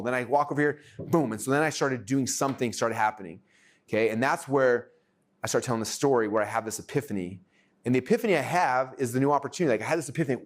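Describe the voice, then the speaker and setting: Fast-talking excitable male workshop teacher. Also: medium pitch. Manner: energetic, excitable, acts out his own thoughts.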